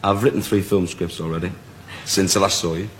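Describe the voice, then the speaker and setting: A man's voice: deep voice, fairly even intonation, a little fast, very noisy. A man appearing as a comedian guest on a talk show, clowning and giggling with mock-humble asides. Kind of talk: playful talk show banter.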